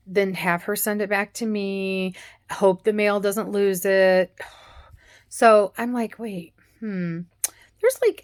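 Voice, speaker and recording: A middle-aged woman, rambling through a casual story and acting out the other people in it. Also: mid-range voice. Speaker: cooking channel host.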